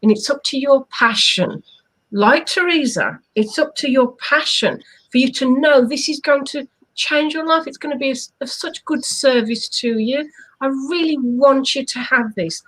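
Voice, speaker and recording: A hypnotherapist co-hosts a casual live online chat, coaching earnestly and posing rhetorical questions. Her voice is high and fairly bright at a normal speed, captured in a rough recording.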